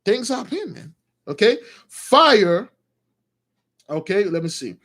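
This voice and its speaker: A man retelling a Bible story with lively, slangy commentary, calling his listeners brothers. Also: sits high, slow, pauses often.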